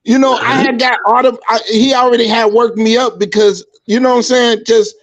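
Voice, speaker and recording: A man hosting a podcast, talking in casual chat and telling stories in a profane, animated way, acting out what people said. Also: extremely high pitch, fairly quick. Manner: animated, profane, acts out quotes. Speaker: podcast host. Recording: dull lo-fi stream audio.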